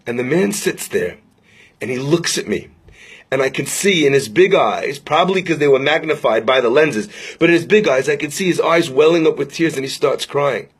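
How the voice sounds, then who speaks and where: A young man, a rabbi, giving an inspirational talk. He tells stories dramatically and slows down on the key phrases. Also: on the high side, animated, slightly rough. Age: young adult. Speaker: rabbi and speaker.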